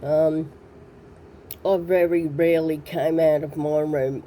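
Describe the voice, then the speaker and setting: Slow, hesitant woman. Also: low-pitched, little pitch movement, music in the background. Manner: hesitant, full of ums and pauses. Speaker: interviewee recounting her past. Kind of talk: personal storytelling.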